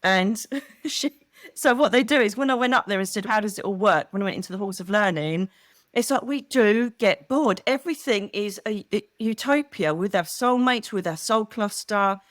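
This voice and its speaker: A woman's voice: mid-range voice, normal speed, dry recording. Chatty woman, dry close sound. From United Kingdom. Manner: animated, chatty storytelling with quoted voices. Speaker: guest, psychic medium. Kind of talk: casual chat.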